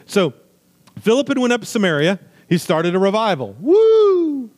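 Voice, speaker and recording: A man preaching a sermon with emphatic, swinging delivery, loud high stresses falling to quiet low asides, with jokey remarks. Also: animated, brisk. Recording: long hall reverb.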